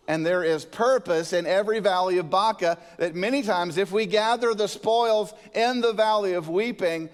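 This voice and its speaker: A man, the senior pastor, preaching a sermon that mixes scripture with a told joke and lively emphasis. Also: sits high. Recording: reverberant church hall.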